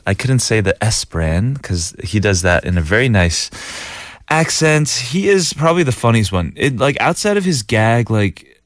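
Male radio host, animated pitch, dry studio sound, chatty, laughs a lot. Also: no echo. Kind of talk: casual radio talk reading listener messages.

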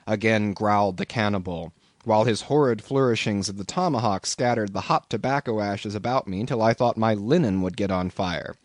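A man reading a classic novel aloud as an audiobook narrator, in an expressive storytelling manner. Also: on the low side, moderate pace, dry recording, clean studio sound.

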